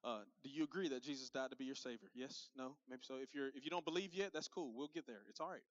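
A man's voice: mid-range voice, fast, no echo, dull audio. A man giving a direct, punchy youth sermon as pastor, talking straight to his crowd.

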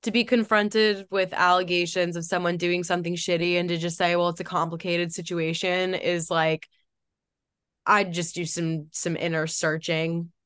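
A young woman co-hosting a podcast, talking in casual chat full of "like" fillers and quick laughs. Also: fairly low pitch, level tone, a bit bright, smooth, dry recording, studio quality. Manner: chatty, frequent "like" fillers, laughs often. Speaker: podcast co-host.

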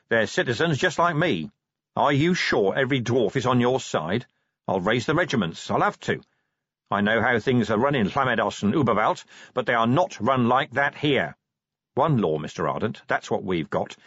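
A man voicing a blunt, stubborn male city watch commander in an audiobook, talking forcefully. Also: mid-range voice, husky, no room sound, highs cut off, pitched above the performer's own voice. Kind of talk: audiobook character voice.

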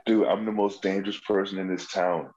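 A comedian spins rowdy, profane tales in casual podcast chat, slipping into the voices of the people in his stories. His voice sits fairly low. The recording sounds dull and a little lo-fi. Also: a little fast. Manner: animated, profane, acts out quoted voices. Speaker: comedian guest.

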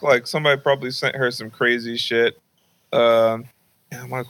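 Bright-voiced young man telling a story. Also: normal speed, rough recording. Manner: animated, acts out high-pitched voices of his mom and grandma. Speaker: podcast host. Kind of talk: casual storytelling.

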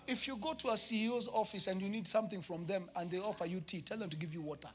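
Speaking fast in a high register, a Kenyan-accented man delivers an emphatic sermon to his church. This pastor builds to shouted peaks and drops in comic asides.

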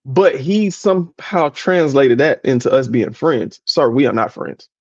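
A man in casual podcast chat, telling an animated story full of impressions and laughter. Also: medium pitch, a little slow, no room sound, muffled recording. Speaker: podcast co-host.

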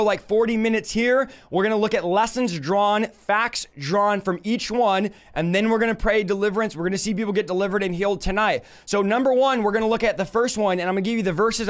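A man preaching a live-stream Bible teaching, emphatic and full of rhetorical questions to his audience. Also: high-pitched.

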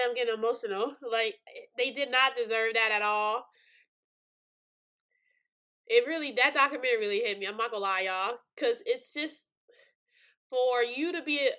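A young woman hosts a true-crime podcast, rambling with lots of fillers while choked up and close to tears. Her voice is slightly high, bright, and strained.

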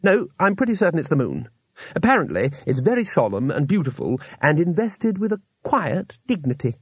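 A man's voice: sing-song, normal speed, slightly rough, no echo, heavily acted. A man doing an eager, naive tourist. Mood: enthusiastic. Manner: enthusiastic, higher and lighter than the narration. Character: eager naive male tourist, cheerful and innocent.

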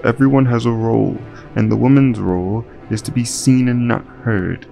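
A man's voice: medium pitch, steady tone, moderate pace, creaky, warm tone, soft background music, close to an everyday voice. A man reading a smug, condescending male crime boss who gives cold orders with a sadistic edge. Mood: menacing. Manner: sadistic chuckling, cold commands.

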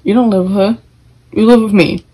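A woman's voice: mid-range voice, fairly even intonation, fairly quick, warm tone, slightly rough. A woman co-hosting a casual podcast, making teasing, joking asides. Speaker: podcast co-host. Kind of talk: casual chat.

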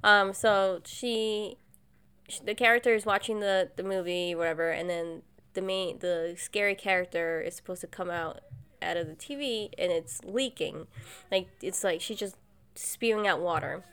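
A woman's voice: moderate pace, smooth. A young woman in casual chat, telling stories animatedly and jumping into quoted voices. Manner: animated storyteller, jumps to high acted voices. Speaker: co-host.

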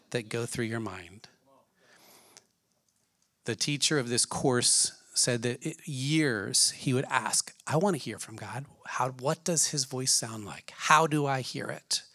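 A man's voice: fairly high pitch, a bit bright, no echo, studio quality. A man preaching a sermon in an earnest way, asking his listeners many questions. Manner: earnest, asks the audience questions.

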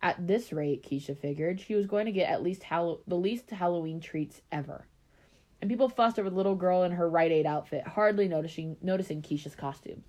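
A woman reading a story aloud in a relaxed way, breaking off now and then for chatty asides. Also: lowish voice, fairly quick.

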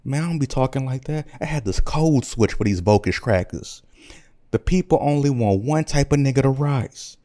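A man's voice: medium pitch, expressive, moderate pace, warm tone, pitched above the performer's own voice, natural voice. A man voicing a brash, street-talking comic dictator with loose slangy delivery. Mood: boastful.

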